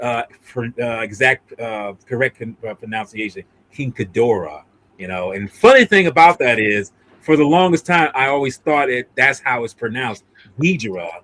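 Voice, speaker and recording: A man's voice: medium pitch, a bit bright. A man hosting a casual livestream, talking in a rambling way with many restarts and fillers. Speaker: livestream host.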